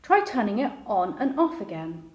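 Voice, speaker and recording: An eager know-it-all boy inventor from a children's story, always explaining and full of ideas, as a woman reading aloud gives his lines. The voice is mid-pitched in a roomy, echoey space. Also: very animated, moderate pace, darkish tone, close to an everyday voice. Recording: roomy echo.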